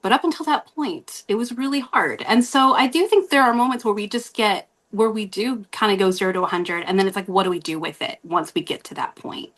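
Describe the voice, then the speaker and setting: A woman's voice: medium pitch, fairly quick, few pauses, a bit bright. Rambling woman telling a story. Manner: rambling, laughs often, many fillers. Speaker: guest host. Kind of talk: casual podcast storytelling.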